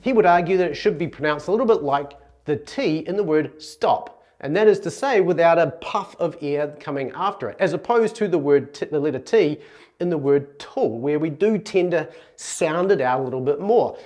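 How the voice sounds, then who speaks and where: A man's voice: a little high, animated, fairly quick, hardly any pauses, a little mellow. A man from New Zealand with a New Zealand accent, explaining Greek pronunciation in a conversational video lesson, correcting himself as he goes. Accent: New Zealand English. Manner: earnest, conversational, restarts and self-corrections. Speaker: Greek teacher.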